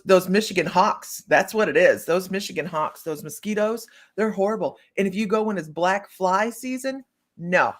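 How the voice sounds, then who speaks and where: Speaking at a normal speed in a voice on the low side, a psychic reader from Ohio hosts a livestream. She reads cards, laughs often and chats informally with viewers, using their names.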